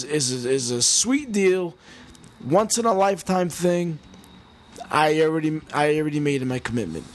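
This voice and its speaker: A man in his forties rants through his own podcast, swearing freely and restarting his sentences as he gets worked up. His voice sits on the high side for a man. He talks close into a home mic. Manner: rambling, heated, heavy swearing and restarts. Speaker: podcast host. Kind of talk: casual profane monologue. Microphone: mic with homemade pop filter.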